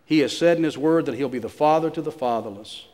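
A pastor preaching a sermon, telling a story and repeating phrases for emphasis. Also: male voice, on the high side, quick pace, dark tone, in a large hall.

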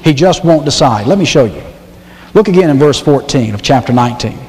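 A man's voice: medium pitch, lively intonation, brisk, a little mellow. A man preaching a sermon as pastor, emphatic and repeating key phrases as he reads scripture aloud. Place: church sanctuary. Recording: long hall reverb.

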